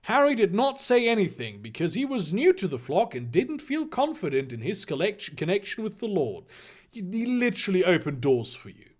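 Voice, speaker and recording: A man's voice: high voice, huge pitch swings, moderate pace. A man reading fan fiction aloud with sarcastic, swearing asides. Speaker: reader.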